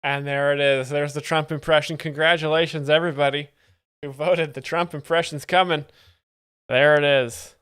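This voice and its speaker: A man hosting a live stream, commenting on comedy clips in a deadpan, sarcastic manner. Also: fairly high pitch, normal speed, smooth. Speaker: stream host explaining jokes.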